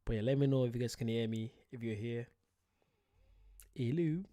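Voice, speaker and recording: A man's voice: mid-range voice, moderate pace, warm tone. A man from the UK, hosting his first live stream, chatting casually and greeting viewers by name. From United Kingdom. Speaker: channel host. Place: at home late at night.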